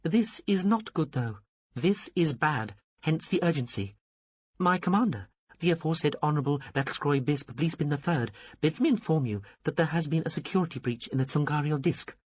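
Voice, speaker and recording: A fussy, pompous little alien officer, voiced by a man in a raised, stiff register. He speaks in formal bureaucratic phrases. The take is dry and husky with a dull, lo-fi sound. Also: expressive, normal speed, no echo. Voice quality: high, stiff bureaucratic delivery. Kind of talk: audiobook character reading.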